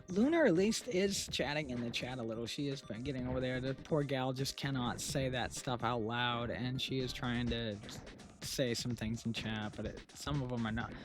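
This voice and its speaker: A man who runs a stream chats casually and rambles as he vents to his viewers, often restarting his sentences. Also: medium pitch. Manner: rambling and venting, with frequent restarts. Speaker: streamer running an AI VTuber channel. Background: music playing under the talk.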